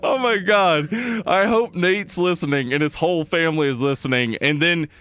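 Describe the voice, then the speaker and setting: A man's voice: a little high, a bit bright, clear, resonant tone, no echo. A man co-hosting a podcast in casual banter, riffing jokingly on absurd bits. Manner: jokey, riffs on absurd bits, quick to laugh. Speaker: podcast co-host.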